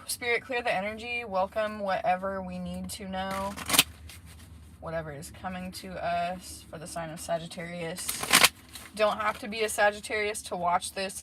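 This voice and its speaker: A woman giving a casual, rambling tarot reading from inside a car, with many fillers and asides. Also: on the low side. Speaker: tarot reader. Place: in a parked car. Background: faint background noise.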